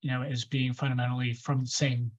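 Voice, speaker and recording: A man's voice: mid-range voice, little pitch movement, a little fast, slightly rough, highs cut off. Rambling male podcast host. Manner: rambling, heavy with fillers and restarts. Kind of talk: casual podcast conversation.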